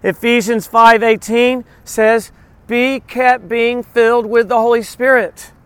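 A man's voice: very high voice, steady tone, takes it slowly, smooth, no echo. A man preaching a sermon in an earnest, emphatic way, quoting scripture.

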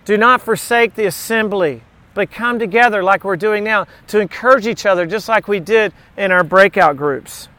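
A man's voice: high-pitched, moderate pace, pushed and bright, no echo. A middle-aged man leading a Bible study in an informal sermon, talking conversationally, repeating key words and slipping in jokes.

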